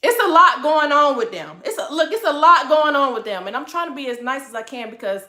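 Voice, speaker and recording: A high, bright woman's voice holds a sassy, scolding livestream rant. She keeps her delivery deliberately calm, tossing "honey" at her viewers again and again. The sound bounces around an echoey room. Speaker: livestream host.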